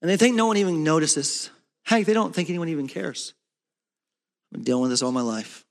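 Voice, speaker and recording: High-voiced man preaching in a reverberant hall. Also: a little fast. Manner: swings from loud, shouted peaks to low, soft talk. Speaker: pastor. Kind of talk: sermon. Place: church. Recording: long reverb of a church hall.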